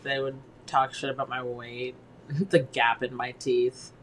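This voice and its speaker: A woman's voice: extremely low pitch, level tone, measured pace, a little hiss or hum, low-quality recording. A woman co-hosting a casual book club chat with friends, laid-back and slangy, with a valley girl voice and frequent laughter.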